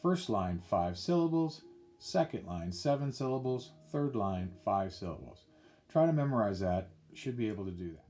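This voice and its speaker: A man's voice: lowish voice, very animated, normal speed, mellow, faint music behind. A man teaching a classroom lesson, patiently repeating points and counting things out step by step.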